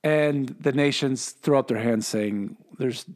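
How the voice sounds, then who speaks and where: A man's voice: medium pitch, measured pace, darkish tone. A man giving a casual Bible teaching in a rambling, joking way, correcting himself often and asking rhetorical questions.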